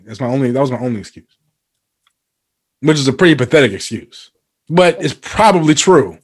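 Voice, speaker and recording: Rambling, animated male podcast host. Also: fairly high pitch, brisk, long pauses, breathy edge. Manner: rambling, many fillers and restarts; animated, profane when worked up. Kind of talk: casual chat.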